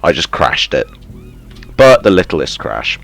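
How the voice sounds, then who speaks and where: Low-voiced male streamer, slow but lively, chatty let's-play commentary with sudden yelps. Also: creaky, soft background music. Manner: excitable, self-mocking, sudden yelps and mutters. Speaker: gaming streamer.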